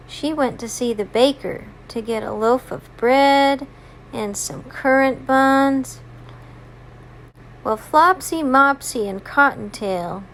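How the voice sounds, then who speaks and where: A woman reads a children's story aloud in a high, gentle voice. She takes her time, leaning into each moment expressively. It sounds like a mom telling a bedtime tale. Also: a little hiss or hum. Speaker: mother reading a story aloud.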